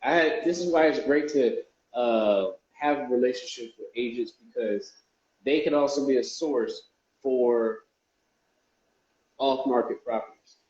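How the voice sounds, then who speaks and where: Guy rambling about his investing to viewers, mid pitch, echoey room, kinda muffled lo-fi audio. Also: a little slow, darkish tone. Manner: loose, rambling, chatty, with frequent restarts. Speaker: real estate investor. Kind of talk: casual vlog talk to viewers. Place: indoors, a warm room. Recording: echoey room, dull lo-fi sound.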